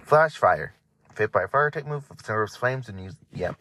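A man's voice: lowish voice, expressive, normal speed, bright, forceful tone, slight background noise. A man hosting a casual podcast, reading entries aloud with frequent stumbles, restarts and chatty asides. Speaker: podcast host.

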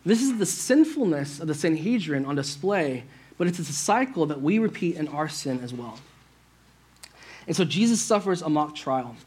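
A male pastor delivers a sermon with a fairly high voice. He keeps it conversational, often checking in with his listeners and speaking to them directly. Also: big pitch swings, normal speed, a little mellow, husky. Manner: conversational, asks the church "right?".

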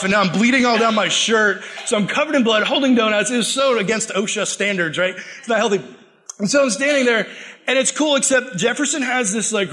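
This young man preaches to a room of students in a loose, playful way, jumping into little acted-out voices as he tells his stories. His voice sits high for a man and rings bright and forceful. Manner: animated, joking, acts out quoted voices. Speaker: youth pastor. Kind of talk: casual sermon to students.

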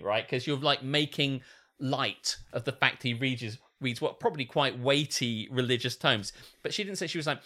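A man's voice: medium pitch, moderate pace, bright, forceful tone. A man, co-hosting a podcast, telling a story in casual chat and often mimicking voices and laughing. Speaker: podcast co-host.

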